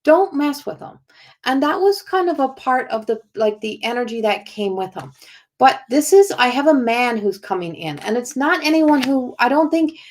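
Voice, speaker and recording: Rambling woman psychic, slightly high voice. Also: sing-song, normal speed. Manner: rambling, full of "like" and restarts, relaying a spirit's words. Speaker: psychic medium doing an oracle card reading. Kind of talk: spontaneous spiritual reading.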